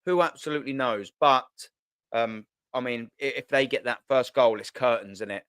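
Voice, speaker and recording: A man's voice: mid-range voice, normal speed, fairly bright tone, smooth, no echo. A man hosting a casual football chat on a video call, joking, swearing and repeating himself. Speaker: host.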